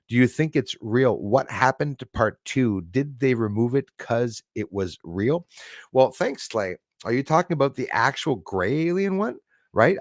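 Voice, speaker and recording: Lowish chatty middle-aged Canadian man. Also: dry recording, clean studio sound. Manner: chatty, rambling, laughs often. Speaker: live stream host. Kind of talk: casual live-stream chat reading comments.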